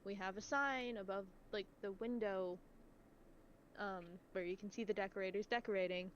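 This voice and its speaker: A woman's voice: medium pitch, steady tone, moderate pace, highs cut off, slight background noise. A woman telling a casual, exasperated story about her bakery job, full of likes and ums. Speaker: bakery worker telling stories.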